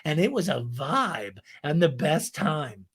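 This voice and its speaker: A man voicing a young woman who tries to sound powerful, with a drawn-out affected delivery. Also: fairly high pitch, sing-song, breathy edge, exaggerated voice. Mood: defiant.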